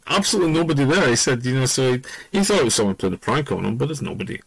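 A man's voice: mid-range voice, very animated, racing, creaky, a bit bright, husky, no room sound, low-quality recording. A middle-aged man from Scotland, a podcast host telling stories in a rambling, digressive way that keeps losing the thread. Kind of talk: casual spoken storytelling.

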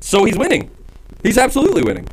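A man co-hosting a podcast, arguing fast and swearing freely in casual chat. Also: high-pitched, huge pitch swings, slight background noise, rough recording. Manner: fast, argumentative, swears a lot. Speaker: podcast co-host.

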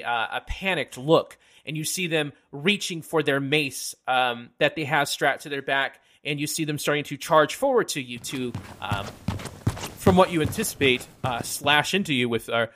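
Man, bright voice, game master narrating a tabletop game, frequent fillers and pauses. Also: mid-range voice. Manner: halting, filler-heavy narration.

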